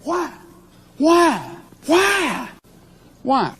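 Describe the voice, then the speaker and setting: A man putting on a shrill squeaky incredulous voice. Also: wildly swooping pitch, extremely slow, fairly bright tone, no echo, clean studio sound, exaggerated voice.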